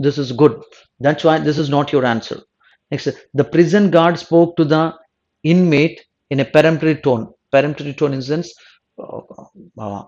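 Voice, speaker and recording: A man's voice: fairly high pitch, a little mellow. Guy teaching exam prep, goes over answers, keeps rephrasing, kinda dull lo-fi sound. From South India. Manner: repeats himself, rephrases mid-sentence, asks "no?". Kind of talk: explaining test answers.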